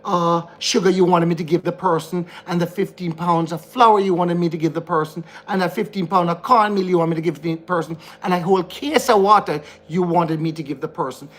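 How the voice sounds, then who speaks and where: A man's voice: sits high, fairly even intonation, fairly quick, few pauses. Ranting Jamaican man vlogger. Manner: frustrated, ranting, repetitive. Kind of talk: heated monologue to camera. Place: indoor room.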